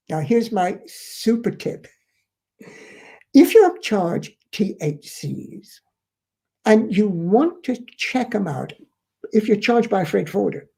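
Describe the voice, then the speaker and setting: A man's voice: sits high, vocal fry, dark tone. A man explaining shipping costs as a trainer, earnest and emphatic, repeating key points to drive them home. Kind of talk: instructional explanation.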